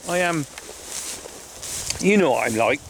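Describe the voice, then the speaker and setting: A man's voice: a little high, lively intonation, a little slow, creaky, fairly bright tone, a little hiss or hum. A middle-aged man, a farmer vlogging outdoors by his hedgerows, talking in a chatty, heartfelt, rambling way with sighs. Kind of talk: casual walk-and-talk vlog.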